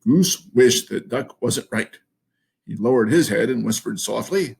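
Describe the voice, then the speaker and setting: A man reading a picture book aloud as storyteller, in a slow, playful and expressive way. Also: mid-range voice, gravelly, breathy edge.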